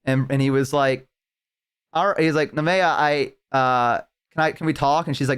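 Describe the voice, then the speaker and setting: A man's voice: mid-range voice, fairly even intonation, a little fast, a bit bright, smooth. A young man streaming live, telling a long, rambling story in casual chat with lots of fillers and restarts.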